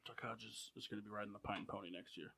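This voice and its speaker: A man's voice: fairly low pitch, steady tone, fast, sharp tone, breathy edge. A man co-hosting a casual sports podcast, arguing bluntly and swearing freely. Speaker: podcast co-host.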